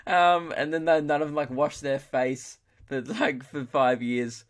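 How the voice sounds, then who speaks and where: A man's voice: mid-range voice, fairly even intonation, unhurried. A young Australian man hosting a solo comedy podcast. He rambles, mocks himself, swears freely and talks in broad slang. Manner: rambling, jokey, self-mocking, swears freely. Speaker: podcast host.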